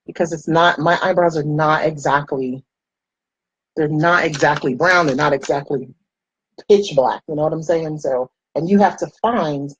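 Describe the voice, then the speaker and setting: A young American woman talks through her makeup routine in a casual vlog, sliding into chatty stories and acted-out quotes. Her voice sits low with a slightly husky grain, and the sound is dry and close with little room echo. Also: muffled recording. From United States. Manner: chatty storytelling, animated quoted voices, frequent laughs. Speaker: makeup vlogger. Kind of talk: casual chat while doing makeup.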